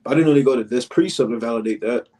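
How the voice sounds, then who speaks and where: A man co-hosting a casual Bible study who reads verses slowly and talks in slang. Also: medium pitch, dark tone. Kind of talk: casual religious discussion and scripture reading.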